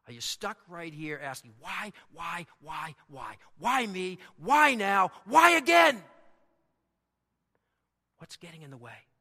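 A male pastor delivering a sermon in a church, building to loud, emphatic peaks and dropping low and soft for prayer. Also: big pitch swings, takes it slowly. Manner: dynamic preaching, swells loud and high for emphasis. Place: church sanctuary. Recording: long hall reverb.

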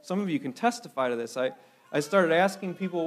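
Casting: high-pitched male pastor from Minnesota, animated storyteller, sermon in a church. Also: brisk. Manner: animated storytelling with repeated restarts.

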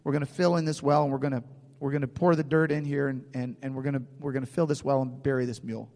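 A man's voice: mid-range voice, steady tone, fast, darkish tone, long reverb tail. A man preaching a sermon in a conversational way, often restarting phrases and checking in with his listeners. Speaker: pastor.

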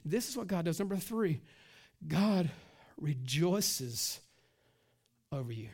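A middle-aged pastor delivers a sermon in a relaxed, street-casual style, sprinkling in "man" and "listen." His voice sits a little high and moves slowly, dropping almost to a hush for weighty points before swelling louder and stretching out the words he wants to land.

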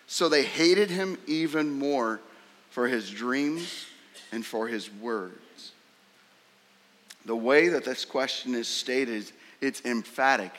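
A man preaching a sermon, emphatic and fond of rhetorical questions, sometimes jumping sharply higher to act out a scornful voice. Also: slow pace, a bit bright. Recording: long hall reverb.

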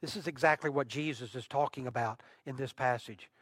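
A man preaching a sermon as pastor, emphatic, with long pauses and rising intensity. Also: medium pitch, fairly bright tone, in a large hall.

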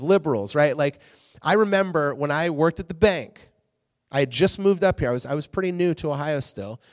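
A slightly high-voiced man preaches in a loose, conversational way, restarting phrases and tossing in "okay?" to his listeners. His voice rings out with a long reverb, as if he is speaking in a large hall. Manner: animated and chatty, with frequent restarts and "okay?" check-ins. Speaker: preacher teaching a Bible lesson. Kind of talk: casual, conversational Bible teaching.

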